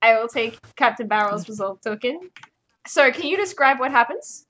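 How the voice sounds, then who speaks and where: High-voiced woman running the game. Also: lively intonation, moderate pace, a bit bright. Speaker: game master. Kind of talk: running a tabletop role-play.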